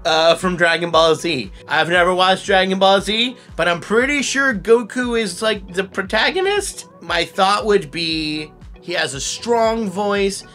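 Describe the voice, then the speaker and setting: A man, a voice impressionist, hosting a playful guessing game, animated and quick to laugh. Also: high voice, faint music behind. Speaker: voice impressionist, host.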